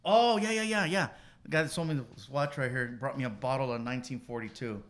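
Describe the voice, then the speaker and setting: A man's voice: medium pitch, quick pace, a bit bright. A man, a guest on a podcast, telling rambling party stories in casual chat and laughing along.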